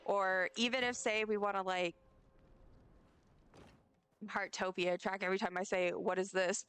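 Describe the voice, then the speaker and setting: A woman's voice: medium pitch, steady tone, unhurried, a bit bright, smooth. A young woman streaming a game, chatting to her viewers in a rambling, friendly way as she plays. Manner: rambling, chatty, talks straight to her chat. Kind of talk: casual live-stream chat while playing.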